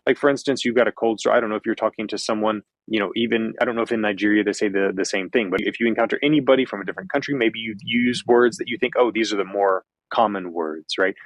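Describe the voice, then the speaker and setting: A man with a General American accent, low and dry, answers interview questions as a former visa officer. His tone is explanatory and reassuring, and he often circles back to restate a point. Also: fast talker, few pauses, no room sound, rough recording. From Kentucky, USA.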